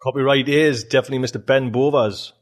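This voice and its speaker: A man's voice: mid-range voice, steady tone, fast talker. A podcast host closing the show in a chatty, enthusiastic way, laughing as he talks. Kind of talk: casual show outro.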